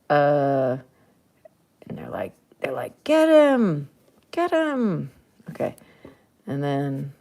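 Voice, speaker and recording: Woman artist, low voice, unhurried, chatty running commentary while painting. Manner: chatty, thinking aloud, playful. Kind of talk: casual narration while painting.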